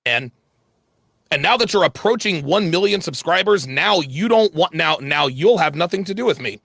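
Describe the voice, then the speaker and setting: A man's voice: a little high, moderate pace, gravelly, no echo, studio quality. A man heatedly retelling an argument in a clip, swearing freely and restarting his sentences often. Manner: animated, repetitive restarts, profane. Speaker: online commentator.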